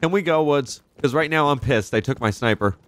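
A young man casually commenting as he plays a video game, excitable and profane, reacting out loud to the action. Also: a little high, a little fast. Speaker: gaming channel host. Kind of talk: casual let's-play commentary.

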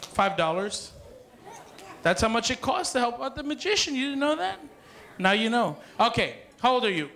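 Party magician, man, high bright voice, playful crowd patter with kids. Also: big pitch swings, normal speed, gravelly. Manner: playful, joking, calls to the crowd. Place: party hall with dance floor.

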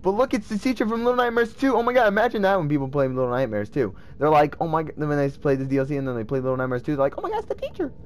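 A man giving casual gameplay commentary, excitable and swearing as he talks to himself. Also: a little high, very fast, hardly any pauses, a little hiss or hum. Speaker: let's play gamer.

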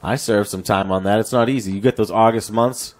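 A man hosting a comedy game show in a mock-official, deadpan manner. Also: lowish voice, fairly quick, slight background noise.

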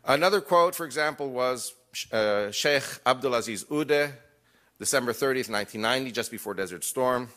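Animated and sharp in tone, this man's mid-range voice runs at normal speed. Before a live audience he tells personal stories lecture-style, tossing in jokes and performing the quoted lines.

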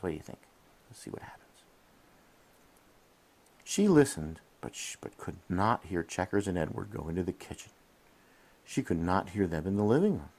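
A man reading a bedtime story to his child while in bed, gently asking questions along the way, recorded on a head-mounted camera. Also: deep voice. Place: in bed at home.

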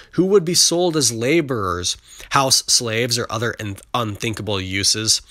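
A man narrating a novel in a measured, steady reading voice, sometimes catching himself and restarting a word. His tone is bright and forceful, and the recording is dry and close. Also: fairly low pitch, no echo. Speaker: audiobook reader. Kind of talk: scripted narration.

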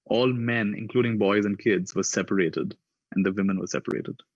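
A man with a low voice tells reflective stories to a conference audience. He lifts his pitch to act out the people in his stories. The recording is dry and a little dull. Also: steady tone, normal speed, no echo. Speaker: conference speaker. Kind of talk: reflective storytelling talk.

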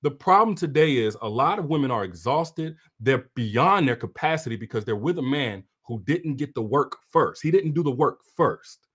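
A man's voice: mid-range voice, lively intonation, normal speed, fairly bright tone, breathy edge. A man coaching women on relationships in a livestream talk to his viewers. He is preachy and direct, speaks like a big brother, and repeats phrases for emphasis.

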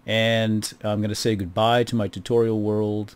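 A man's voice: lowish voice, little pitch movement, normal speed, smooth. A middle-aged man giving casual, wry gameplay commentary, chatting to viewers as he plays. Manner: chatty, wry, talks to viewers while playing. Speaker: gaming video host.

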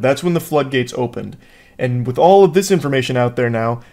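Dry, sardonic male commentator. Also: mid-range voice. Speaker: commentary video host. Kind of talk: scripted commentary.

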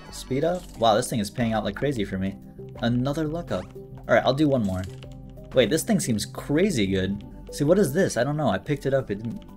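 A man giving casual, excitable commentary while playing a video game, thinking aloud and reading item descriptions. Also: medium pitch. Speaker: gaming YouTuber. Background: game music.

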